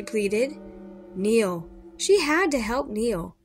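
A woman's voice: mid-range voice, expressive, moderate pace, faint music behind. A woman reading a children's horror story aloud expressively, with small slips and rereads. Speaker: storybook reader.

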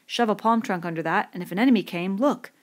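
A woman reading an eager, bossy schoolboy, raising her voice higher and quicker to show his excitement. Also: vocal fry, full character voice. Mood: excited. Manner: excited, quick, lifted pitch.

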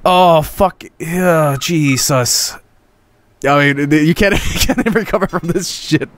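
A man streaming a video game with casual commentary, profane and excitable, often cracking up laughing. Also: fairly high pitch, takes it slowly.

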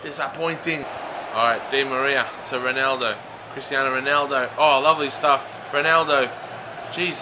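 A young man commentating live over a video game, chatting to viewers and shouting when play gets exciting. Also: a little high, background noise. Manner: chatty, addresses viewers as lads. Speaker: gaming YouTuber.

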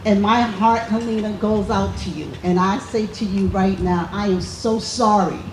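A woman who leads a church community group, giving an impassioned speech at an outdoor rally with a slow, emphatic, repeating cadence. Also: medium pitch, steady tone. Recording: echoey outdoor PA sound with faint traffic.

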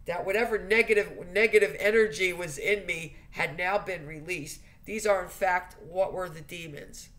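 A woman's voice: fairly low pitch, moderate pace, hardly any pauses, a bit bright. A woman giving earnest spiritual advice in a monologue, stressing her points by repeating key phrases. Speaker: spiritual vlogger.

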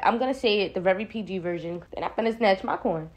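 A woman's voice: quick pace, few pauses. A young woman vlogger telling a storytime in casual slang, often calling viewers y'all and acting out her own lines. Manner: animated retelling, acts out her own quoted lines louder and higher.

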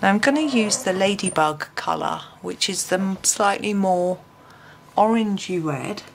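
A woman talks through a colouring tutorial, musing aloud and thinking over each choice as she goes. Her voice sits at an ordinary pitch with a gravelly, creaky edge. A faint noise floor hums under the recording. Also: unhurried. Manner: chatty, musing to herself, frequent ums.

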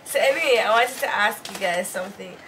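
A woman's voice: mid-range voice, brisk, noisy background. A woman co-hosting a home vlog with her sister, making dry, teasing remarks. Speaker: co-host, sister. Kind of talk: casual chat.

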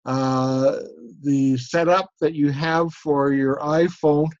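A man's voice: fairly high pitch, fairly even intonation, slow pace, darkish tone, no room sound, muffled recording. A man hosting who talks hesitantly with fillers as he asks a question. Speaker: host. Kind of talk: casual interview.

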